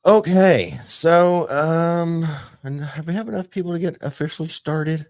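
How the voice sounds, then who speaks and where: A man's voice: fairly high pitch, measured pace, no room sound, studio quality. A man hosting a casual theme park news podcast, chatty and loose, with plenty of fillers. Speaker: podcast host.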